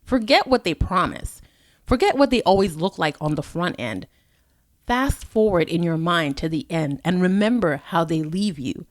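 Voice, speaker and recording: A woman's voice: on the low side, big pitch swings, moderate pace, no room sound, clean studio sound. Earnest motivational woman podcaster. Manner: earnest, encouraging, direct address to listener. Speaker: podcast host. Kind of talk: motivational solo podcast talk.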